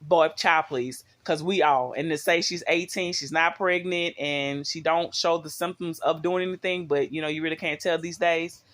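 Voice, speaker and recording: A woman's voice: sits low, steady tone, moderate pace, few pauses, fairly bright tone. A middle-aged woman talks straight to her viewers in a loose, rambling way. She is recorded on a phone at home and keeps turning to them with questions. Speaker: vlogger. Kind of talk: casual talk to viewers.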